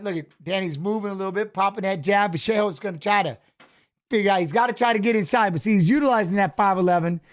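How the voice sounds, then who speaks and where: A middle-aged man hosting a fight watch-along, chatting casually and coaching the fighters aloud with excited calls. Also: sits high. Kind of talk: casual live fight commentary.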